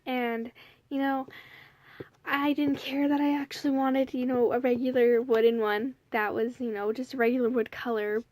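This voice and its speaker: A young woman speaks a little high, telling a personal story straight to camera. She rambles casually, with plenty of fillers. The sound is close and dry, with no room around her. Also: flat delivery, moderate pace, a little mellow, no echo. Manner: chatty, rambling, lots of "like" and "you know". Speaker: vlogger.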